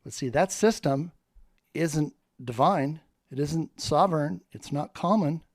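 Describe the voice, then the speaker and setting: A man's voice: a little high, a little slow, dry recording, studio quality. Fervent man in a rambling monologue. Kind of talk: spoken monologue.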